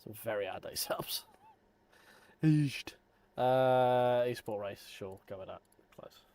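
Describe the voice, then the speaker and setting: A man's voice: mid-range voice, unhurried, mellow, no room sound. A man in his thirties chatting casually on a sim racing live stream, rambling and joking at his own expense. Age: 30s. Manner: rambling, self-deprecating, joking.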